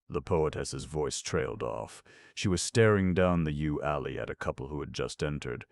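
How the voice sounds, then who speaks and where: A man narrating a comic novel as an audiobook in a measured storytelling manner. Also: rumbling low, gravelly, no room sound, studio quality. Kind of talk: scripted narration.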